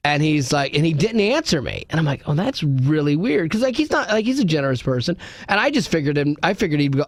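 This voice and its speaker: A man's voice: fairly high pitch, sing-song, no room sound. A man hosting a radio show, telling jokey stories in casual studio banter and laughing often. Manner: jokey storyteller, quick to laugh.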